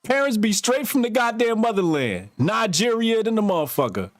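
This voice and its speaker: A man riffing on a casual podcast, his voice sitting high and swinging widely as he tells profane, animated stories. The sound is close and dry, with no room around it. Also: moderate pace, dry recording. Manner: profane, animated storytelling with bursts of laughter. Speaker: podcast co-host.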